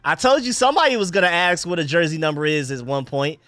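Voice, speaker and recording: A man hosting a casual live football stream, chatting excitedly with viewers and reacting to plays. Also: on the high side, fast talker, no room sound. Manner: excited, chatty, talks to chat and his dogs. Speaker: livestream host.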